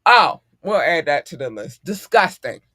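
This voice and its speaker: A middle-aged man hosting a casual podcast chat, animated and profane and quick to laugh. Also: fairly high pitch, dry recording, studio quality. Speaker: podcast host.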